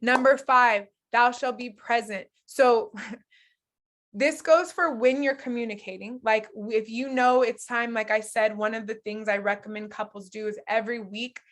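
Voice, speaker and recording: A young adult woman teaching a relationship masterclass, candid and animated, laughing often as she coaches couples. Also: on the high side, measured pace.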